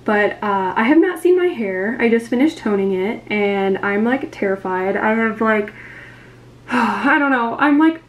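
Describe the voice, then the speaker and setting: A woman's voice: fairly high pitch, lively intonation, unhurried. A young woman in a casual vlog, talking in an anxious, rambling way with lots of fillers. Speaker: vlogger.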